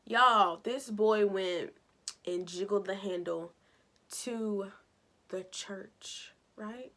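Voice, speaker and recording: A woman recaps a TV episode with sass, acting out the characters' lines in casual, chatty vlogger style. Her voice is mid-range and she talks very slowly.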